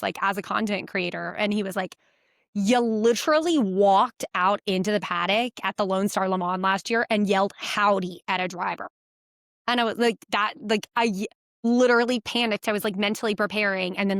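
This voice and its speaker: A woman co-hosting a casual podcast, telling lively stories at her own expense. Her voice sits at a middling pitch and picks up speed when she gets going. The sound is close and dry. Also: dry recording. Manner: animated, quick anecdotes with playful self-mockery. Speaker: podcast co-host. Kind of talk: casual chat.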